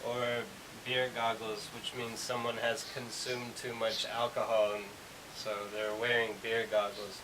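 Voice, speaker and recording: A man's voice: medium pitch, little pitch movement, measured pace. A man teaching English, explaining in a casual, rambling way with lots of fillers. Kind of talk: explaining a language lesson. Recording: hissy recording from far off.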